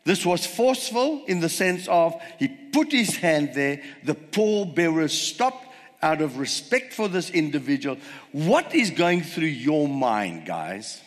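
A man delivers a sermon in a slightly high, very animated voice, taking his time over each phrase. He retells the story and keeps asking the congregation rhetorical questions. His voice carries a long reverb, as if recorded in a large hall. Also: slow pace. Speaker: preacher.

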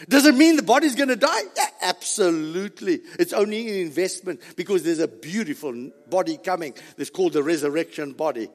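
Brief: male preacher, high and animated voice, emphatic repeats, long hall reverb. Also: a little fast, few pauses. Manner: emphatic, repetitive, rising to near shouts. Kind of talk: sermon.

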